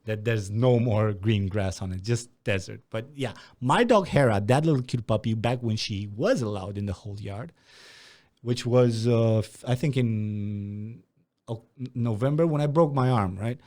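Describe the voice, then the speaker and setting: A young man from Romania hosting a podcast, telling a story in a casual, animated way and swearing freely. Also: lowish voice, normal speed. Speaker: podcast host.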